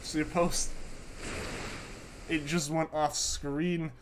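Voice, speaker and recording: A man's voice: a little high, level tone, takes it slowly, a little hiss or hum. Congested young man chatting on stream. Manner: chatty, greets viewers, often repeats phrases. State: congested, recovering from a sore throat. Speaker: livestream host. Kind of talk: casual live-stream chat while gaming.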